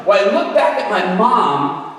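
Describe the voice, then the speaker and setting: A man preaching with an animated, humorous storytelling manner, heard in an echoey hall from far off. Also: high-pitched, unhurried. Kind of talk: storytelling sermon. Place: event venue.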